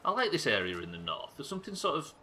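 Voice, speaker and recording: A man's voice: fairly high pitch, wildly swooping pitch, quick pace, sharp tone, faint music behind. A man giving live gameplay commentary, swearing and joking with his chat. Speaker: streamer.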